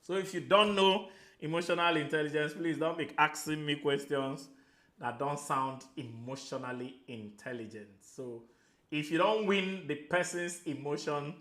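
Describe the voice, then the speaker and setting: A Nigerian man talks through a motivational business Q&A, animated and playful, slipping into Pidgin and acting out little scenes. His voice sits fairly high for a man. The sound bounces around an echoey room. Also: a little slow. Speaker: real estate coach answering questions. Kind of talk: motivational Q&A talk.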